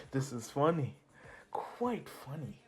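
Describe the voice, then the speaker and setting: A man's voice: a little high, full character voice. A man putting on a mocking young male villain who giggles and taunts in a sing-song voice. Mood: taunting.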